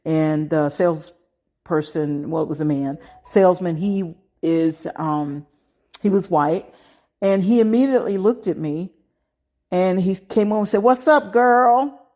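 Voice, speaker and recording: A woman's voice: lowish voice, measured pace, warm tone. Emphatic middle-aged American woman podcaster. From United States. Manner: emphatic, frequent "okay" asides. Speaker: podcast host. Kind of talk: casual advice monologue.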